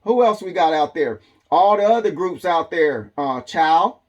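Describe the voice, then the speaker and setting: Man, somewhat high pitch, casual rambling monologue, drawn-out speech, frequent ums. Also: highs cut off. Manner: loose, conversational, drawling with frequent ums. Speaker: survival channel host.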